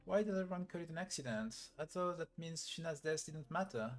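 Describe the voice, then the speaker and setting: A man's voice: on the high side, fairly quick, voice pushed up. A man reading as a guilt-ridden young woman. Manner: plain, flat read-through of game dialogue.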